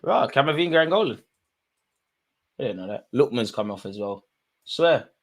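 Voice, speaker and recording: A man giving live, slangy watch-along commentary on a football match, jumping from low asides to loud outbursts. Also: normal speed. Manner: excitable, slangy, swings from mutters to shouts.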